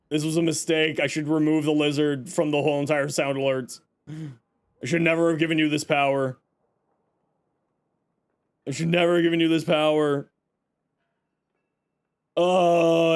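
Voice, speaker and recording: A man's voice: a little high, vocal fry. A man from Canada live-streaming, chatting with viewers and reacting with joking exasperation. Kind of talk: casual live-stream chat.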